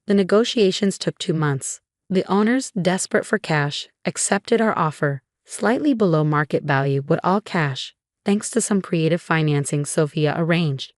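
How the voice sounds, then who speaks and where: A woman reading a first-person story aloud in a measured, even manner. Her voice sits on the low side and sounds close and completely dry. Steady scripted narration, close to the mic. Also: no room sound.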